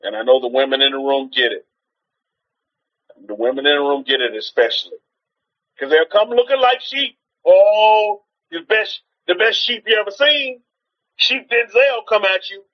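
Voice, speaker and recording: A man's voice: fairly high pitch, animated, unhurried, pauses often, highs cut off. A man preaching in an informal teaching style on a livestream, exhorting his listeners, repeating rhetorical questions and often restarting his sentences.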